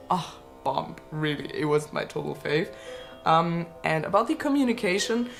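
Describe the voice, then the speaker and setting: A woman's voice: on the low side, fairly bright tone. A woman in her twenties chatting casually as a vlogger answering viewer questions, laughing often and swearing freely. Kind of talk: casual Q&A chat.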